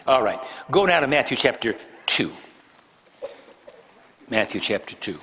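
Very animated yet measured in pace, this pastor's sharp, medium-pitched voice fills a large hall, with a little background noise. Between emphatic points he teases and jokes with the congregation in the sanctuary, stressing key words and repeating phrases.

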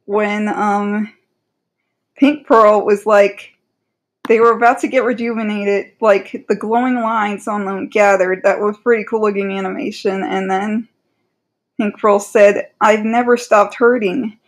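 A woman's voice: medium pitch, little pitch movement, a little slow. A woman giving casual opinion commentary in a rambling, exasperated way, with frequent fillers and restarts. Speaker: commentary creator.

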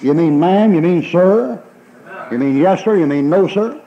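A man's voice: high-pitched, animated, moderate pace, dull audio. A male pastor, preaching a folksy, emphatic sermon and acting out the people in his stories with laughter.

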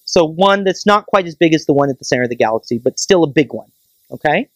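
Astronomer giving a public science talk, keen and chatty, keeps tossing in "right?", middle pitch, dry close sound. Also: lively intonation, quick pace, no room sound. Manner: enthusiastic, keeps checking in with the audience with "right?"; explains in plain everyday comparisons. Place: planetarium lecture.

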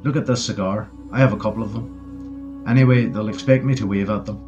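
A man's voice: on the low side, fairly even intonation, fairly quick, dull audio, over music, lightly acted. A man voicing a cocky, joking young British soldier as he reads the story aloud. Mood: jaunty. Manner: breezy and joking.

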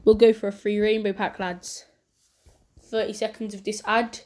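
A woman hosting casual pack-opening commentary, chatty and excitable with sudden shrieks. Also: medium pitch, normal speed. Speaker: channel host.

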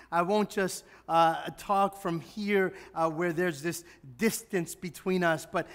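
A man's voice: high-pitched, a bit bright. A man with an American accent, a pastor delivering a sermon, telling a funny story and building to passionate emphasis. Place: church sanctuary. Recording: long hall reverb in a church.

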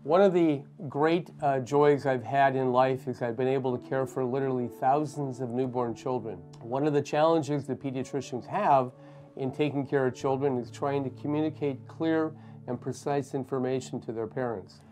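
A middle-aged male pediatrician gently explaining and demonstrating a baby-calming hold to parents. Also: mid-range voice, moderate pace. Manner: gentle, reassuring, plain explaining. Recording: faint music behind.

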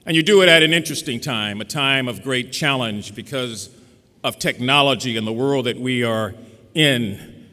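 A man's voice: medium pitch, moderate pace, sharp tone. A man giving a keynote commencement address in a formal, oratorical style with a rhetorical cadence. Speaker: keynote speaker. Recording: reverberant ceremony venue.

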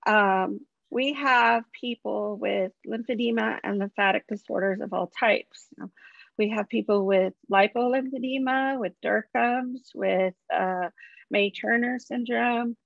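A woman with a gravelly, fry-laden voice talks with heartfelt gratitude on a panel. The video-call audio is dull and lo-fi, with a dry, close sound. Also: mid-range voice, measured pace, no room sound. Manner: warm, grateful, heartfelt. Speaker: online community founder, guest. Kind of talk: panel conversation.

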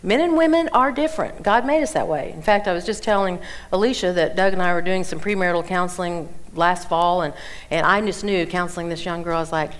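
A woman in her sixties teaching the Bible at a women's conference, telling stories with animated delivery and acting out the people she quotes. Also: on the low side, a little fast. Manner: animated storytelling, acts out quoted voices.

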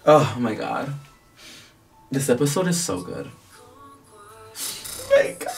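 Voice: medium pitch, huge pitch swings, slow, creaky, long pauses, distant mic, soft background music. A vlogger reacting to a drama episode in casual, emotional, profane commentary. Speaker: video reactor.

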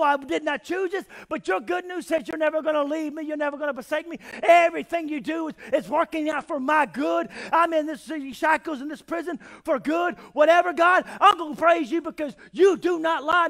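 High-pitched shouting preacher man. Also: creaky. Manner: preaching, often shouting and then dropping quiet. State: out of breath. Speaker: pastor. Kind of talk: sermon.

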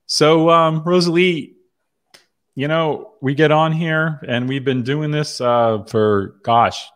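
A man's voice: medium pitch, slow pace. A middle-aged man hosting a live video call, chatty and rambling with lots of fillers and restarts. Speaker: host. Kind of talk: casual livestream hosting.

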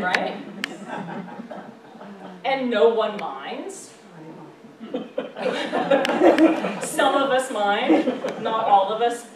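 A woman professor giving a public lecture, conversational, often checking in with the audience. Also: on the high side. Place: library meeting room. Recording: roomy echo, voice from far off, faint background noise.

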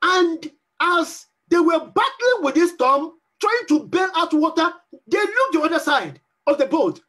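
A man's voice: very high-pitched, big pitch swings, a little slow, sharp tone. A man preaching a sermon as pastor, repeating phrases for emphasis and acting out pleading prayers.

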